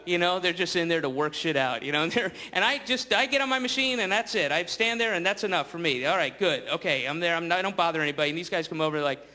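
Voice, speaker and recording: A man doing stand-up comedy on stage before a live audience, rambling and sardonic, slipping into quick voices. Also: on the high side, animated, pushed and bright. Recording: live stage with noisy crowd.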